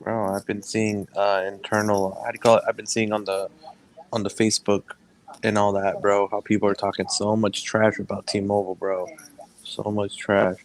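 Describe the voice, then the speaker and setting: A low-voiced man drops in as a guest on a livestream, blunt and full of slang. He calls people "bro" constantly and talks in a loose, offhand way. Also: flat delivery, normal speed, low-quality recording. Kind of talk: casual livestream chat.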